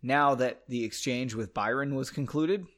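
A man's voice: mid-range voice, moderate pace, a bit bright. A man reading his own story aloud, breaking off for joking asides and self-corrections. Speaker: reader of his own book.

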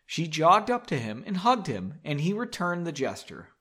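A man reads a melodramatic story aloud for a comedy show, cutting in with mocking commentary. His pitch swings wildly from line to line and sits a little high for a man. He talks from a basement home studio. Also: huge pitch swings, moderate pace, pushed and bright. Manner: sarcastic, mocking asides, drinking while reading. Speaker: podcast host reading a story aloud. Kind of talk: comedic dramatic reading with asides.

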